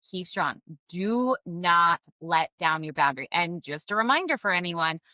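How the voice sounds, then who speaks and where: A woman giving blunt, expressive co-parenting advice straight to her viewers, swearing freely. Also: mid-range voice, no echo, poor audio. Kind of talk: casual advice to camera.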